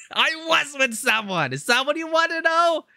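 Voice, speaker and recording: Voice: sits high, very animated, a little slow, vocal fry, sharp tone, dry recording, voice pushed up, exaggerated voice. A streamer reading the lines of a hurt young adult daughter in a game, pleading and defensive.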